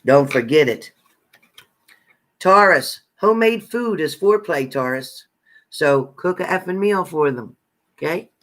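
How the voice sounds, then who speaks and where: A fairly high-voiced man reading psychic messages sign by sign. He talks bluntly and bossily, repeating his orders and swearing freely as tough love. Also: expressive, a little slow, pauses often, fairly bright tone. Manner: profane, repetitive, bossy tough-love commands. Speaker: psychic card reader.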